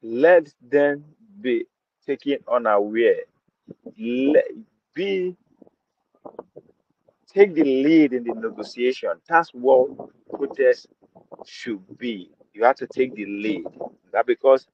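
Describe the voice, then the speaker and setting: A man's voice: mid-range voice, animated, slow, pauses often. A man with a Nigerian accent hosting a podcast, giving opinionated commentary and driving points home by repeating phrases and slipping into Pidgin. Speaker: podcast host. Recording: dull lo-fi dry sound.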